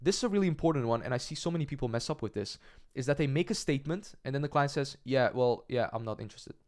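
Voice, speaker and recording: Racing along in an expressive, fairly high voice with a darkish tone, a young adult man coaches cold-calling for an agency. He stays direct, acts out practice calls, and keeps asking "right?" throughout the sales lesson.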